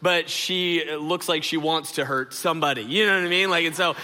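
A middle-aged male pastor gives a relaxed, story-driven sermon in a fairly high, bright voice. He fills his sentences with "uh" and "right?" and talks directly to his listeners. His voice rings out with the long echo of a large hall. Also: normal speed. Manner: storytelling, filler-heavy, addresses audience directly. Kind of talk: conversational sermon.

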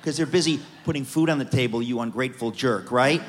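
A middle-aged man from New York telling funny family stories on stage, animated and comic, often restarting his sentences. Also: mid-range voice, fast talker, noisy background. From New York, USA. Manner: animated, comic, self-interrupting. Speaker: guest speaker. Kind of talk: storytelling on stage. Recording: reverberant hall.

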